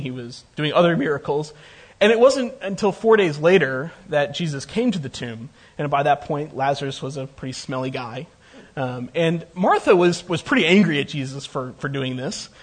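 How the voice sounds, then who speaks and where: A man's voice: a little high, slightly rough. A man preaching a conversational sermon, retelling a scripture story with joking asides.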